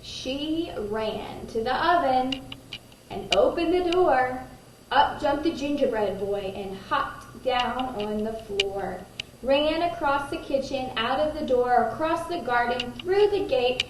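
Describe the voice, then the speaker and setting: Slow-reading kindergarten teacher, high voice. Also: female voice. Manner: gentle, pauses to ask children questions. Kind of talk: reading a picture book aloud to children. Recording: roomy echo, distant mic, faint noise.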